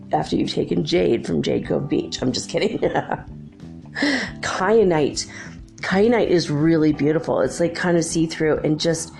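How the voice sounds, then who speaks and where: Woman, middle-aged, chatty storyteller, mellow gravelly tone. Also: deep voice. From California. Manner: chatty, acts out quotes, laughs often. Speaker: podcast host. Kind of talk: casual storytelling monologue.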